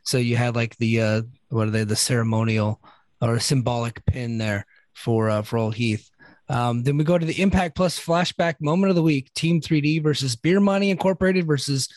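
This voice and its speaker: A man's voice: mid-range voice, normal speed, dry recording. A man co-hosting a casual podcast, recapping wrestling in a loose, chatty way with many fillers. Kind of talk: casual chat.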